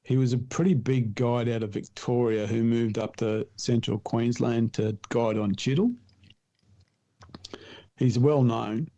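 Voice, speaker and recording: A man's voice: mid-range voice, a little slow. A middle-aged Australian man telling a hunting story in a casual podcast chat, laughing at his own tales. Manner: animated yarn-spinner, laughs at his own stories. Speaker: podcast guest, hunter and writer.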